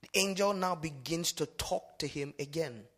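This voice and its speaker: A pastor preaching a sermon, whose first language is Yoruba, who swings from loud exclamations to hushed asides and keeps calling for the congregation's response. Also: male voice, a little high, normal speed.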